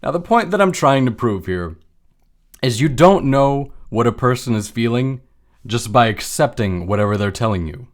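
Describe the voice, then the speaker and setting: A man's voice: medium pitch, lively intonation, moderate pace. A man giving a casual explanatory talk on emotions, walking through made-up everyday examples in a conversational way. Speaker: lecturer on emotions.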